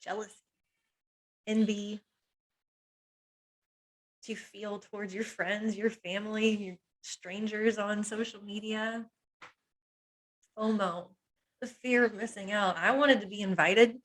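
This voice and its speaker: A mid-range female voice delivers flatly and slowly, pausing often, in a low-quality recording. She's a hypnotherapist giving a confiding, earnest masterclass on emotional pain from her own life, listing painful feelings one by one in short, weighted phrases as small laughs slip in.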